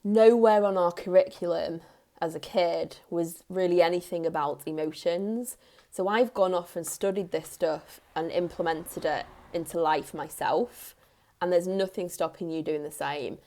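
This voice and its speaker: A woman in her thirties, a parenting coach, giving earnest advice straight to the camera in a soft tone, repeating key phrases for emphasis. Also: lowish voice, unhurried. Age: 30s. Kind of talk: direct-to-camera advice talk.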